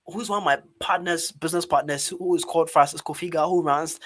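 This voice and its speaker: A Ghanaian man with a fairly high voice tells a story in an online public speaking webinar. He speaks in an animated, lively way, calling his listeners "guys" as he goes. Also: a little fast. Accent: Ghanaian English. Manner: animated, talks directly to his audience as "guys".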